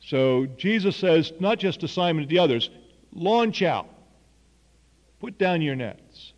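A man's voice: fairly high pitch, animated, unhurried, long reverb tail, highs cut off. A man preaching a sermon, telling a story earnestly and voicing the people in it. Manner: earnest storytelling with quoted dialogue.

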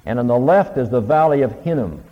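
A man's voice: medium pitch, lively intonation, brisk. Lo-fi, reverberant male Bible lecturer. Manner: conversational, retells stories with quoted dialogue. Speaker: Bible teacher. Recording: lo-fi recording with long hall reverb.

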